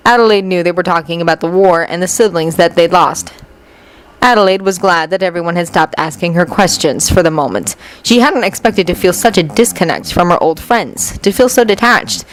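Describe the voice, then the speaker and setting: A woman reading fanfiction aloud as an expressive storyteller. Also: lowish voice, a little fast, low-quality recording. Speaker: fanfiction audiobook reader. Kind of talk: storytelling narration.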